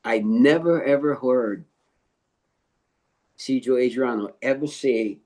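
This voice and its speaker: Older man telling a story, halting. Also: mid-range voice, darkish tone. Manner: halting, filler-heavy retelling with quoted dialogue. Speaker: martial arts instructor and author being interviewed. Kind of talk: interview storytelling.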